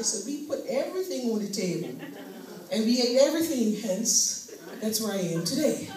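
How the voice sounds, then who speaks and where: A woman performing a stand-up comedy routine, animated in her storytelling and laughing at her own lines. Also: a little high, moderate pace, crowd noise. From Bermuda. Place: live comedy venue. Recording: very echoey room, distant mic, faint hiss.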